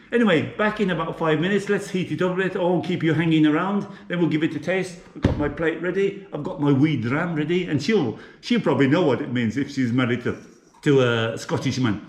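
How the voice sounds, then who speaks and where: Chatty man cooking in an echoey kitchen. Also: a little high. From England. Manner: chatty, talks to viewers while cooking. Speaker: cooking vlogger. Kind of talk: casual cooking vlog. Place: home kitchen. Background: frying and sizzling from the hob.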